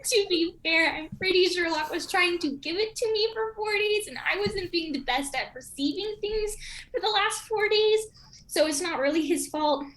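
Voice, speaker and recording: A woman's voice: very high-pitched, normal speed, fairly bright tone, low-quality recording. A woman playing a tabletop game in character, rambling and giggly. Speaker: player. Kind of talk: in-character role-play chat.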